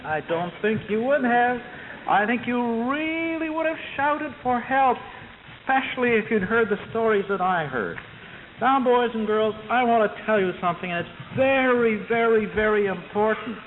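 A man telling a children's sermon in an animated, emphatic way, repeating words for stress. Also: sits high. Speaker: Sunday school preacher. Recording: tinny, hissy recording with long reverb.

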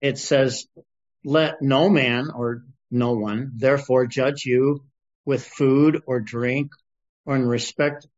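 A man's voice: medium pitch, takes it slowly. Middle-aged guy preaching, chatty and fired up, kinda muffled lo-fi sound. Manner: informal, animated Bible teaching with scripture readings. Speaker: pastor. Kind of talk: sermon. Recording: dull lo-fi recording.

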